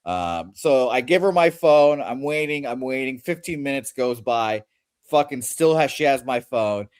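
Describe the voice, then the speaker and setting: A man's voice: medium pitch, expressive, normal speed, smooth, dry recording. Blunt man telling a story, dry sound. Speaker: podcast co-host. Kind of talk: casual storytelling.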